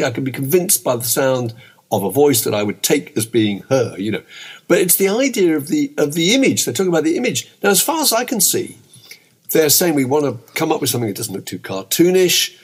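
A man's voice: medium pitch, slightly rough. An older man co-hosting a podcast, chatting in a rambling way with many asides. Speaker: podcast co-host. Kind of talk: casual chat.

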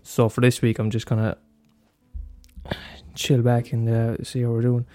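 A man talks through his solo podcast in a loose, rambling way, full of ums, restarts and cheerful swearing. His pitch sits in an ordinary middle range. Faint music plays under his voice. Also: completely flat delivery, a little slow, dark tone. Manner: loose and profane, many fillers and restarts. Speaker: podcast host.

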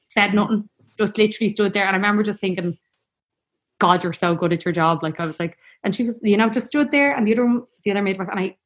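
A woman telling a personal story in a casual, rambling, heartfelt way. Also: medium pitch. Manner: chatty, rambling, heartfelt, peppered with "like".

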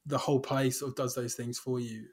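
Quick-talking male interviewer. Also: medium pitch, level tone. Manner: quick, loose phrasing with fillers. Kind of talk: interview questions.

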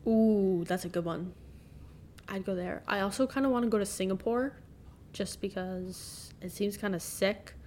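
A woman's voice: medium pitch, moderate pace, a little mellow, slight background noise. A young woman, a student, co-hosting a casual podcast chat, reacting with dry exasperation and laughter.

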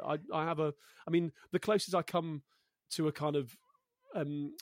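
A man in his thirties from Coventry, England, is a guest in a casual interview, speaking at a moderate pace in a steady, higher-than-average voice. Thoughtful, he searches for words and jokes at his own expense. The studio sound is clean, with no room echo.

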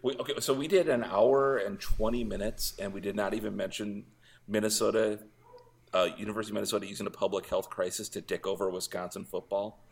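Low-voiced exasperated man. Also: steady tone, a little fast, gravelly, breathy edge. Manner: exasperated, mock-angry grumbling. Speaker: podcast co-host. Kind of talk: casual chat.

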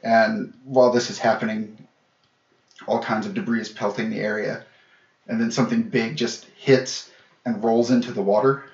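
A man with a lowish voice narrating a tabletop game as game master. He describes scenes casually and with many fillers. The sound is dull and lo-fi, in an echoey room. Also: little pitch movement, moderate pace.

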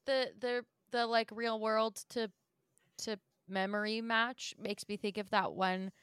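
A woman with a fairly high voice co-hosts a relaxed podcast, recounting game events with animated storytelling. Her laughter comes easily, and the sound is close and dry, with no room echo at all. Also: measured pace, clean tone. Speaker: podcast co-host. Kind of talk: casual podcast chat about a video game.

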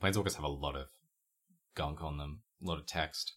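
A woman's voice: extremely low pitch, brisk, a bit bright, breathy edge. A woman co-hosting a casual worldbuilding podcast, playful and teasing, who wanders off on tangents. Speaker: podcast co-host.

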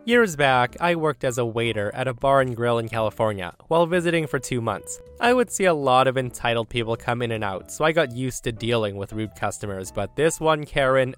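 Male podcast host, middle pitch, smooth voice, animated Reddit storyteller. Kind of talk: reading Reddit stories aloud. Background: faint background music.

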